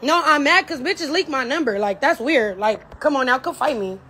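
A woman's voice: sits high, lively intonation, normal speed, pushed and bright. A woman from a reality show speaking straight to the camera, taunting and trash-talking with heavy swearing and bursts of laughter. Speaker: reality show cast member. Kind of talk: direct-to-camera rant.

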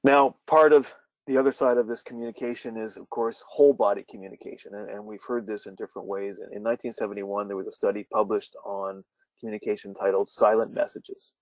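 A man with a fairly low voice gives a workshop lesson over a webinar. He talks in an animated way, often repeating words and adding fillers. The audio is dull and dry, and he sounds a little far from the mic. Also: fast talker, dry recording. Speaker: workshop trainer. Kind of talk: webinar lecture.

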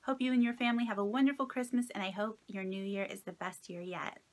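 A craft vlogger in her late thirties opens gifts from friends in a casual mail-opening vlog, softly gushing with delight as she thanks each sender. Her medium-pitched voice is fairly even in intonation and quick in pace.

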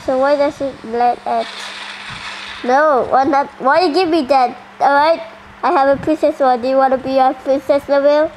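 A woman giving casual gameplay commentary, excitable and full of surprised questions. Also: high-pitched, normal speed, slight background noise, rough recording. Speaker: gaming channel host.

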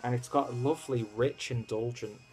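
A man's voice: mid-range voice, steady tone, brisk, a little mellow, faint music behind. A man from the UK, casually reviewing a beer in a rambling, easygoing way full of fillers. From United Kingdom. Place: at home in Germany.

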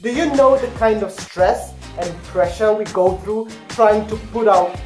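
A young man answers viewer questions in a casual vlog, his voice sitting fairly high for a man. He talks with sassy, dramatic flair and swears freely. The sound bounces around an echoey room, with faint music playing underneath. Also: a little slow, a little mellow. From Kenya. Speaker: YouTuber.

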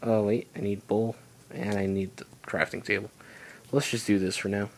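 Young male let's-play host, low voice, chatty and rambling self-talk. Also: flat delivery, normal speed, slight background noise. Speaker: gaming channel host. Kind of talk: casual let's play commentary.

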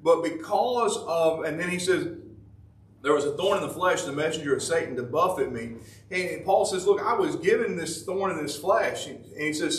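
A man preaches a devotion in a folksy, repetitive way that swells into fervent emphasis. His voice sits a little high. He sounds set back from the mic in an echoey room. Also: recorded from a distance, slight background noise. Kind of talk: sermon.

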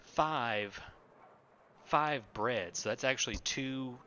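A man streams a city-building game live, thinking aloud in a rambling way full of fillers and self-corrections while chatting with viewers. His medium-pitched voice is pushed and bright, and he takes it slowly; the audio is dull with a little hiss or hum.

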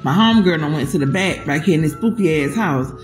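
Woman storyteller, casual and cussing, lively pitch swings, echoey room, faint music. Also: quick pace. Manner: profane, animated, talks to viewers as "y'all".

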